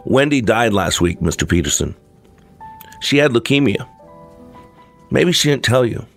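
Grieving young mother, a man reading her: gentle, apologetic, soft-spoken, over quiet music. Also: mid-range voice, sing-song, unhurried, gravelly.

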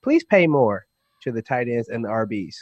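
A man's voice: medium pitch, very animated, normal speed, dry recording, muffled recording. A man from Michigan hosting a casual chat, emphatic and repetitive, calling people bro. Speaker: podcast host.

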